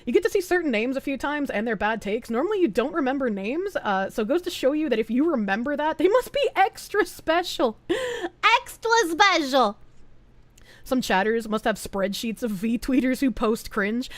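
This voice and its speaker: A high-pitched woman streaming from home, ranting to her chat with lots of swearing and sudden gasps. Her voice is close and dry on a desk mic, with no room sound around it. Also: animated, no echo. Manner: profane, exasperated, quick to gasp and laugh. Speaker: streamer reading chat and posts. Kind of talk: casual livestream chat.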